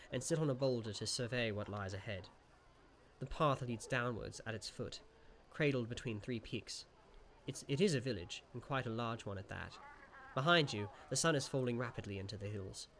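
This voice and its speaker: A man streaming a gamebook playthrough, reading the passages aloud and musing between them in an animated way. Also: mid-range voice, moderate pace, a little hiss or hum.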